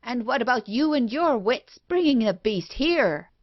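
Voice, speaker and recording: A woman reading an audiobook, voicing a frantic, guilty woman accomplice in a shrill voice on a dull, lo-fi recording. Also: animated, a little slow. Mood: shrieking.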